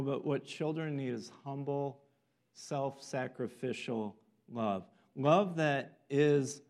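A man preaching a sermon earnestly, acting out the voices of people in a story. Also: medium pitch. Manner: earnest, acts out quoted voices.

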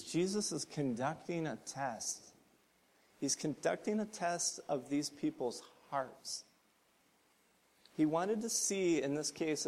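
Earnest preacher man, slightly high voice. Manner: earnest, builds to emphatic points then drops soft. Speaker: pastor. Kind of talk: sermon.

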